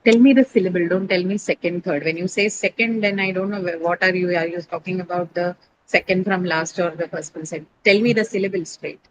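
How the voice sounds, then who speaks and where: A woman's voice: fairly low pitch, brisk, slight background noise, low-quality recording. A woman teacher lecturing an online English class, explaining step by step and correcting students patiently.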